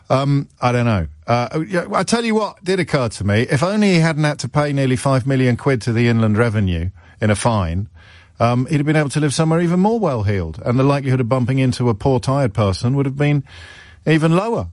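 A man's voice: mid-range voice, lively intonation, fairly quick, a little mellow, no echo, clean studio sound. A man hosting a radio phone-in, sarcastic and mocking in his commentary.

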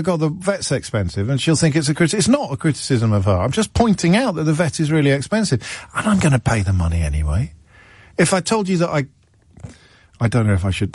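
A man's voice: on the high side, darkish tone, breathy edge, no echo, studio quality. A middle-aged man from England giving a rambling, self-deprecating talk as a radio presenter, often restarting his sentences. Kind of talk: conversational monologue.

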